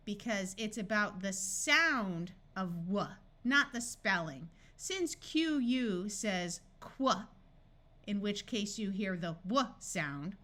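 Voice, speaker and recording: A woman reading a scripted phonics lesson, sounding out letters and words with slow, deliberate enunciation. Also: mid-range voice, fairly bright tone. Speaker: phonics tutor.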